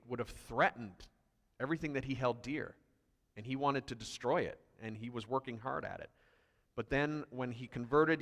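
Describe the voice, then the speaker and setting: A man's voice: medium pitch, fairly bright tone, long reverb tail. A man pastor preaching a sermon emphatically, reading scripture aloud with growing intensity. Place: church hall.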